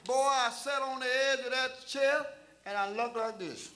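An older man preaching a sermon as pastor, shouting and half-singing his phrases. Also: very high voice, measured pace. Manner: chanting, shouting preacher cadence with sung phrases.

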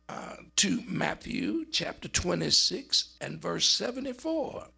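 Gravelly, raspy preacher man. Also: sharp tone. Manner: dramatic, swings from high urgent cries to low murmurs. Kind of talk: sermon.

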